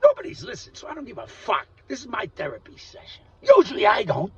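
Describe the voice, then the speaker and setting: A man delivering a rambling, profane monologue rant, volatile and swinging between loud outbursts and muttering. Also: high voice, slightly rough. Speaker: vlogger. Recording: distant dull recording with faint noise.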